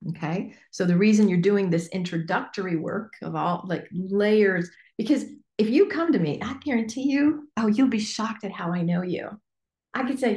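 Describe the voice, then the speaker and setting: A woman business coach teaching a workshop in a chatty, animated way with lots of fillers. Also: mid-range voice, moderate pace. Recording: echoey room.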